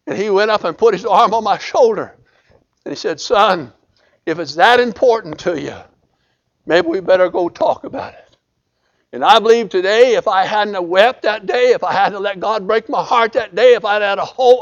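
A man preaching a sermon, swinging from loud impassioned cries to hushed pleading. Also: sits high, moderate pace, dull audio.

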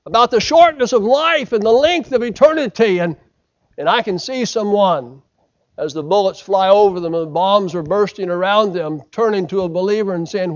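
An American man preaching a sermon, swinging from loud emphasis to hushed delivery and acting out quoted lines. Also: high voice, moderate pace, highs cut off. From United States. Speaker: pastor.

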